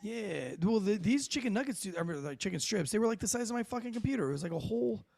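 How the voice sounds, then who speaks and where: Gravelly, profane man telling stories. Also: high-pitched, very fast, no room sound. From Florida. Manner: profane, animated storyteller. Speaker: podcast guest. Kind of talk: casual storytelling chat.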